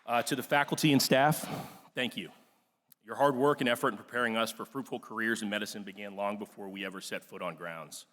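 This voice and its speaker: A man's voice: fairly low pitch, fairly even intonation, fast talker, hardly any pauses, a bit bright, some chatter behind. A young man, class president, giving an earnest, emotional ceremony speech with frequent fillers in a large auditorium. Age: young adult. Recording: long hall reverb.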